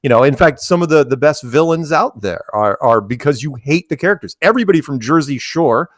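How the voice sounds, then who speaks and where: A man's voice: a little high, a little fast, no echo, clean studio sound. An American man as an interview guest in a casual podcast chat, telling stories and acting out quoted voices. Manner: animated storyteller, acts out quoted voices.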